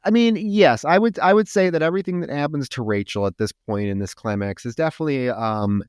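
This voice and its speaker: Brisk and fairly high-voiced, a man co-hosting a podcast gives a casual film recap, retelling the climax with animated profanity. The studio sound is clean, with a clean tone and no echo.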